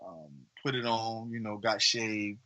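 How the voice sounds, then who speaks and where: Man telling a rambling story, bright voice. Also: lowish voice, measured pace, rough recording. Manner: animated, acts out quoted voices; rambling with many fillers and restarts. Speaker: podcast co-host. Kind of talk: casual storytelling.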